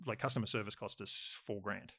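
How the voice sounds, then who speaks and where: A man's voice: lowish voice, steady tone, brisk, sharp tone, husky, no room sound, studio quality. A man with an Australian accent telling a long, rambling story, full of fillers. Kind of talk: casual chat anecdote.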